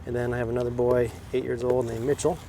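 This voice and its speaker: A man's voice: medium pitch, little pitch movement, quick pace, mellow, slight background noise. A man and father demonstrating a simple recipe at an outdoor tailgate, explaining in an easygoing way. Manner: easygoing, laid-back explaining. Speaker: tailgate cook guest, father. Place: outdoors at a stadium parking lot tailgate.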